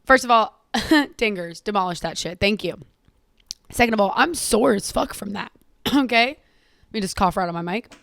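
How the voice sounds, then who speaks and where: A young woman hosting a casual solo podcast, sassy and profane, laughing often and calling her listeners girl and queen. She is tired and a little hoarse. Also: medium pitch, lively intonation, normal speed, long pauses, fairly bright tone, dry recording, studio quality. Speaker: podcast host.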